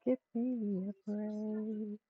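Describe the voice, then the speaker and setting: An older woman hosts a casual crafting livestream from home, chatting with her viewers and her pets while she works. Her mid-range, slightly rough voice is flat and extremely slow, with no echo, though the stream audio is dull and lo-fi.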